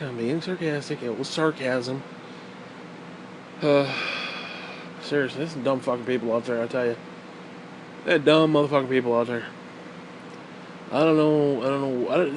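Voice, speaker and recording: A man's voice: medium pitch, slight background noise. A man talking in a casual, rambling rant, profane and sarcastic.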